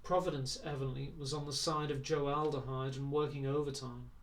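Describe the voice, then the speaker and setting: A man reading a novel aloud in a measured, even way. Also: mid-range voice, distant mic. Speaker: audiobook reader.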